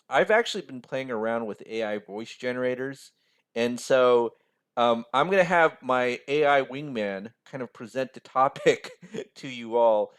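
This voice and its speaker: An American man hosting a casual finance video, talking in a chatty, rambling way. He keeps checking in with listeners as he explains, and his voice sits at a middle pitch. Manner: chatty, rambling, says "right?" often. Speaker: financial mentor, video host.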